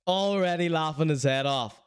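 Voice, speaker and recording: A man's voice: on the high side, normal speed, noisy background. A man hosting a podcast, chatting casually and laughing often while he comments on clips. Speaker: podcast host.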